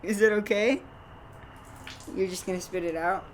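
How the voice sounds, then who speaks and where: A young woman co-hosts a comedy podcast, rambling and playful as she spins silly stories. Her voice sits in a middle range. A faint steady hiss runs under the recording. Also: medium pitch, moderate pace. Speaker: podcast co-host. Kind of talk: casual comedic chat.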